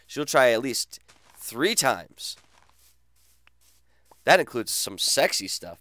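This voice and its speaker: A man's voice: mid-range voice, expressive, slow pace, pauses often, fairly bright tone, no room sound. A man streaming a game, bantering with his chat in a crude, teasing way. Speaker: gaming streamer. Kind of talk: casual live-stream chat.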